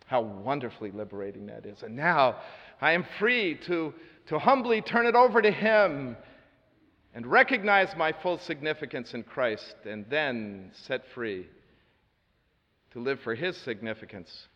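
Preacher's story echoing in a hall. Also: male voice, mid-range voice, expressive, unhurried. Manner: earnest, with dry asides and shifts between loud and hushed. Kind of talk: sermon storytelling. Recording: reverberant hall, dull lo-fi sound.

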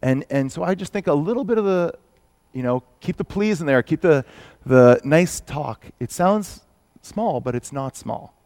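A man's voice: on the high side, expressive, moderate pace, darkish tone, no room sound. Preacher, male, thirties; chatty, self-mocking delivery, dry close mic. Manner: conversational, self-deprecating preaching. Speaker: pastor. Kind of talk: sermon.

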